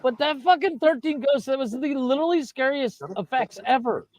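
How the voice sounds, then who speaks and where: A man's voice: extremely high pitch, fairly quick. A man on a comedy podcast, giggling and swearing his way through stories. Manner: giggly, profane storytelling. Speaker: podcast co-host. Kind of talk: rowdy comedy podcast banter.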